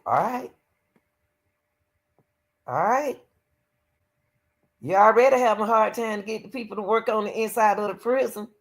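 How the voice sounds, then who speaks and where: A woman's voice: medium pitch, steady tone, fast, few pauses. A woman hosting her own commentary channel, giving blunt, opinionated takes and talking straight to her viewers in a casual way.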